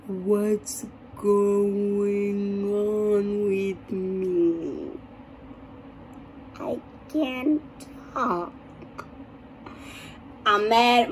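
A young woman vlogger telling a story in a casual, animated and dramatic way. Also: fairly high pitch, slight background noise.

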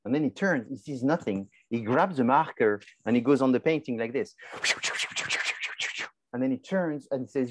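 A man's voice: mid-range voice, moderate pace, background noise. A male marketing professor giving a conversational class lecture, asking and answering his own questions.

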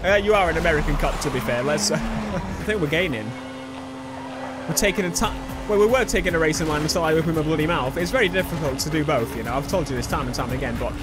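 A man hosting a racing-game let's play, rambling and excitable, yelling one moment and muttering the next. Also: on the high side, fast. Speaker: gaming channel host. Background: racing game music and engine sounds.

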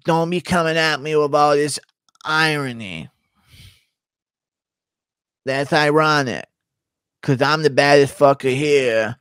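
A man's voice: on the high side, takes it slowly, pauses often, a bit bright, smooth, no room sound, studio quality. A man doing a cursing, indignant tough-guy fighter. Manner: street-tough, cursing, defiant.

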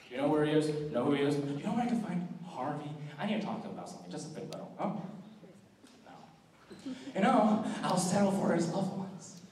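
A man's voice: high voice, darkish tone, pitched above the performer's own voice. A man doing an unhinged scarred villain, echoey hall. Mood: menacing. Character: menacing scarred male villain, giggling, unhinged. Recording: echoey hall from far off with crowd.

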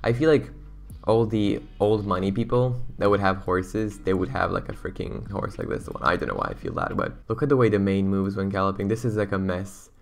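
A young man giving excitable, slangy, rambling commentary on a video game as its YouTuber host. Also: low voice, fairly quick, creaky, soft background music. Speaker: gaming YouTuber. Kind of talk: casual gameplay commentary.

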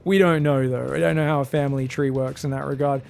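An Australian man casting a live strategy game, chatting and joking with his viewers between plays and bursting into excited shouts. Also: medium pitch, fast talker, creaky. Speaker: esports caster. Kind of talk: live game commentary and chat banter.

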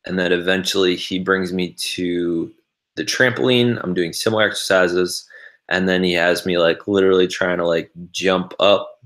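A man's voice: sits low, steady tone, moderate pace, fairly bright tone. A man casually talking through his video editing on a livestream, rambling and reading viewers' chat comments aloud.

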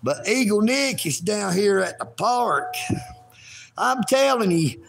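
A man, vlogging outdoors at a park in a folksy, rambling way that bursts into shouting. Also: high-pitched, animated, slow pace, creaky, background noise. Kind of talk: rambling livestream vlog.

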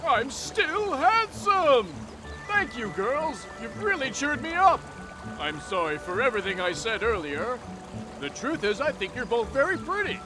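A conceited cartoon lion with a boastful, theatrical voice pitched very high. His voice swoops up and down, and music plays behind him. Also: big pitch swings, unhurried, heavily acted, rough recording. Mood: relieved. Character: vain arrogant male lion.

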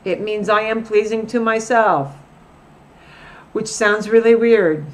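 Slow, patient woman teaching a lesson. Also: mid-range voice. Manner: patient, repeats example phrases slowly. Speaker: Spanish teacher. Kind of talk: recorded grammar lesson.

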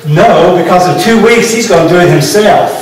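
A male pastor preaches in a plain, conversational manner, explaining the passage as he goes. His voice sits slightly high for a man. The church echoes strongly, and he is heard from away from the mic. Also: moderate pace, distant mic, a little hiss or hum. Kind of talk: sermon. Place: church sanctuary.

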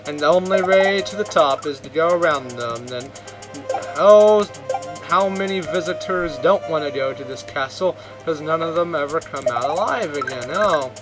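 A man's voice: fairly high pitch, expressive, moderate pace, poor audio. A man giving sarcastic, rambling commentary while playing a video game. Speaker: gameplay commentator. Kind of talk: let's play commentary. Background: game music.

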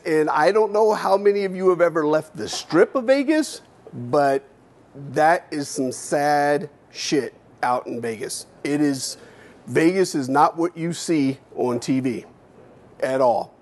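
A man in his fifties gives a keynote speech, telling his story in a candid, animated way with casual swearing. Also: on the high side. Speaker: keynote speaker.

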